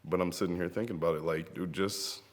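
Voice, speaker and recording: A young professional wrestler, grieving, sits in front of a camera indoors and pays tribute to a late friend, recorded on the camera mic in a large hall. His voice is low and steady at a quick pace. He tells heartfelt, rambling stories and laughs often.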